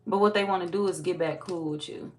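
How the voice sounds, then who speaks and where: A woman giving a casual live tarot reading. She talks bluntly and profanely, chats with her viewers, and is slightly hoarse from losing her voice. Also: on the low side, steady tone, fast talker. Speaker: tarot reader. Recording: echoey room, distant mic, background noise.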